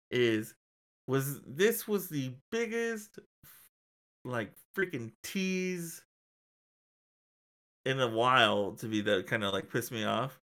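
A man ranting in casual podcast chat, animated and full of swearing. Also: mid-range voice. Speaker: podcast co-host.

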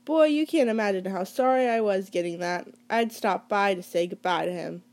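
A woman's voice: mid-range voice, darkish tone. Woman casually reading a novel aloud. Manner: casual, conversational reading with small slips. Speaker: reader.

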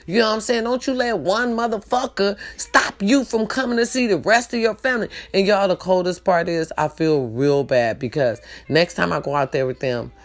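A woman telling a story to her viewers in casual chat, animated and swearing, with big jumps in pitch and repeated phrases. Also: moderate pace, hardly any pauses. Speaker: vlogger.

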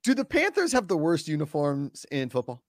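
Playful, lively-voiced man host. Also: a little high, brisk, dry recording, clean studio sound. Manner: playful, joking. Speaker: podcast host. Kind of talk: casual chat.

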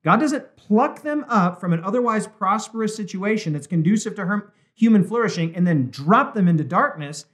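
A man with a notably high speaking voice leads a Bible study discussion as a pastor. He talks emphatically and drags out key words when he reads a quotation aloud. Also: lively intonation, a bit bright. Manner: emphatic, slows down to stress quoted words.

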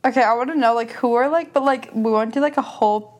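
Chatty young woman, a bit high. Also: quick pace, darkish tone. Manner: chatty, keeps saying "you know what I mean". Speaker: podcast co-host. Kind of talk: casual chat.

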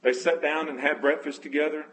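A man's voice: a little high, steady tone, a little fast, fairly bright tone, rough recording. A man preaching a conversational sermon, telling scripture stories earnestly and correcting himself as he goes. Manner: emotional, moved near tears.

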